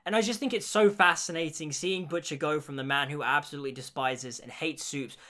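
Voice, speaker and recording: A man's voice: a little high, fairly even intonation, brisk, bright, forceful tone. A young man giving an enthusiastic spoken review of a TV series, gushing with praise. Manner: gushing, repeats "genuinely". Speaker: show reviewer.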